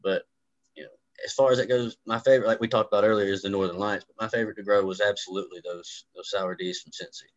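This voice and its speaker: A man's voice: on the low side, steady tone, quick pace, no echo, highs cut off. A man, chatting casually as a podcast guest, laid-back and swearing freely. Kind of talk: casual chat.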